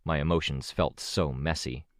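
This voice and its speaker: A man narrating an audiobook in a steady, measured way, recorded close to the mic. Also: rumbling low, no room sound. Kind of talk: scripted narration.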